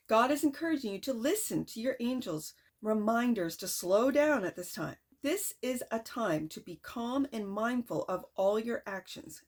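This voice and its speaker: A woman giving a tarot reading to camera in an excited, emphatic way. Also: a little high. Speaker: tarot card reader.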